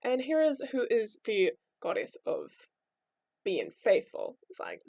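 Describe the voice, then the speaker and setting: A woman's voice: medium pitch, wildly swooping pitch, a little slow, gravelly, mellow, dry recording. A young woman telling myths as a casual, rambling vlog story, full of irreverent asides. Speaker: vlogger.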